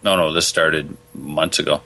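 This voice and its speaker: Deep bright-toned man, chatty podcast host. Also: normal speed, creaky. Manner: relaxed, chatty, laughs easily. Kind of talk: casual podcast chat.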